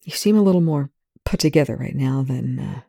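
A reader doing a gruff, hesitant colonel. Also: moderate pace, dry recording, studio quality. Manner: gruff, hesitant, low and quiet. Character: gruff male military colonel, earnest. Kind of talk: fan fiction reading.

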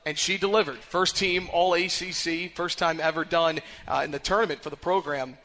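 A man hosting a live radio sports show, talking in a brisk broadcaster delivery from a bar. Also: on the high side, fairly even intonation, bright, forceful tone.

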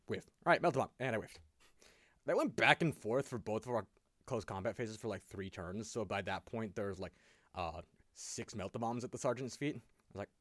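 A man hosting a podcast in casual chat, telling animated stories, swearing often and laughing a lot. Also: lowish voice, a little fast, no echo. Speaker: podcast host.

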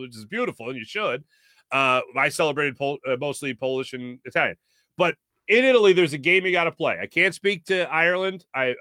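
Reading viewer comments on his sports talk show, an American host chats casually and fills his speech with fillers. His voice is fairly high and sharp, captured with clean studio sound and no room noise.

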